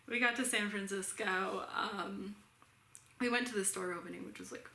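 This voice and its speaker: Young woman, bright tone, casual chatty storyteller who laughs easily; roomy echo, faint background hiss. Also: mid-range voice, fairly even intonation, moderate pace. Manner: chatty, laughs often, many "like" fillers. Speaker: knitting vlogger.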